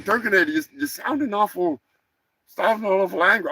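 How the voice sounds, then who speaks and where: A man hosting a comedic live show, talking loudly in profane, rambling banter. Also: high voice, fairly quick, noisy background. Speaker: host.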